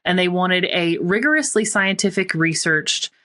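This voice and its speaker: A woman from Tennessee with a neutral, mid-Atlantic-leaning accent, chatting as a podcast guest, animated and quick to laugh. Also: lowish voice. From Tennessee, USA. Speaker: guest, copywriter and author. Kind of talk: casual podcast conversation.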